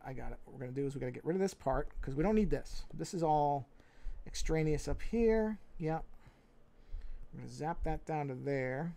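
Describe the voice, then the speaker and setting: A man with a New York accent, livestreaming as he draws, thinking aloud in a relaxed way, muttering to himself and correcting his own moves. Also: medium pitch, vocal fry. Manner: talks to himself, muttering and repeating phrases. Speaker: livestreaming artist. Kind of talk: casual think-aloud commentary while drawing.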